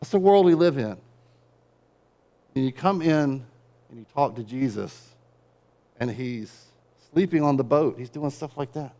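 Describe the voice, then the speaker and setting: This sermon comes from a middle-aged man serving as pastor, expressive and a bit slow, with long pauses. His delivery sinks into hushed low stretches, then builds to forceful, loud climaxes, broken up by wry conversational remarks.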